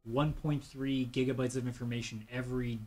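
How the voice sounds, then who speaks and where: Man, from Canada, podcast host, fast talker, rambling storyteller, mid-pitched voice. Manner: rambling, animated storytelling with acted-out quotes. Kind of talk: casual podcast chat.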